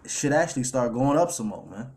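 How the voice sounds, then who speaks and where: In a brisk, expressive mid-range voice with a slightly mellow tone, a man reads scripture aloud as he delivers a casual street-style sermon over clips. He keeps looping in fillers like "all right" and "man."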